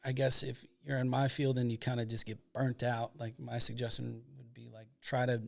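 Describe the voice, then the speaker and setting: Gravelly-voiced man telling a rambling story. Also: mid-range voice, level tone, normal speed, fairly bright tone. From Michigan, United States. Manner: rambling, filler-heavy anecdote telling. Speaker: podcast guest, documentary filmmaker. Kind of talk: casual storytelling.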